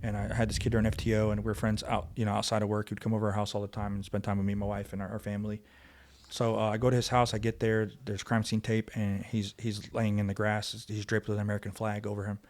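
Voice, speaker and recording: A man's voice: fairly low pitch, little pitch movement, a little mellow. A man, a former police officer, telling his story as a guest on a podcast, emphatic and acting out what others said. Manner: fast, emphatic retelling, acting out quoted voices. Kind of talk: conversational storytelling. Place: podcast studio.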